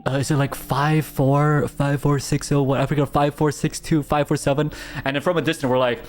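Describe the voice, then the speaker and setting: A young man streamer telling a story in casual chat, animated, with stammering restarts and frequent laughter. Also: fairly high pitch, brisk, faint music behind.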